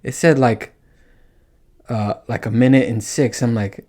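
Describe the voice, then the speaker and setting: A man in the middle of his voice range, talking alone into the mic as a podcast host. He tells his story loosely and with lots of swearing, animated and prone to laughing at himself. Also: mid-range voice, moderate pace. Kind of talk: casual solo podcast monologue.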